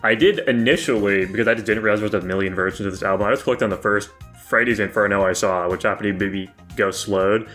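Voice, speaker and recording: A man's voice: fairly low pitch, steady tone, quick pace, a bit bright, faint music behind. A man co-hosting a podcast, casually recounting how he listened to an album. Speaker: podcast co-host reviewing an album. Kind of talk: casual chat.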